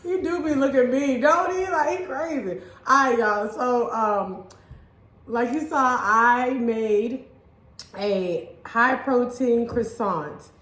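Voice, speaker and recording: A woman, chatting excitedly while she cooks in a casual vlog. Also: on the high side, slow, roomy sound. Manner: chatty and excitable, laughs easily. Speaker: fitness vlogger cooking at home. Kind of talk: casual cooking vlog chat.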